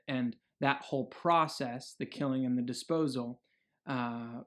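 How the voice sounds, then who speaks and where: An earnest young man speaks in a casual video diary, with a voice of ordinary pitch. He rambles freely and restarts often, with plenty of fillers. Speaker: health vlogger.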